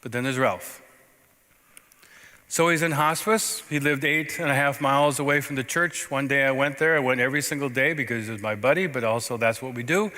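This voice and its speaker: A man's voice: mid-range voice, fairly quick. Male pastor preaching in a reverberant church. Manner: storytelling, conversational preaching with sudden loud and soft turns. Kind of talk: sermon. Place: church sanctuary. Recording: long reverb of a church sanctuary.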